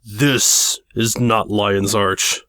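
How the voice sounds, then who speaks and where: A man voicing a pompous, dim-witted male dark lord who speaks in grandiose, melodramatic tones. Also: fairly low pitch, flat delivery, very slow, no echo, clean studio sound, exaggerated voice. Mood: bombastic.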